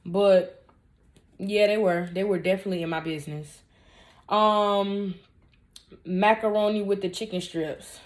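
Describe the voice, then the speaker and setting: A woman's voice: medium pitch, fairly even intonation, measured pace, pauses often. A young woman in her twenties talks straight to her viewers in a casual storytime Q&A, candid and blunt. She leans hard on her points and drops joking asides between viewer questions. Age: 20s. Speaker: vlogger answering viewer questions.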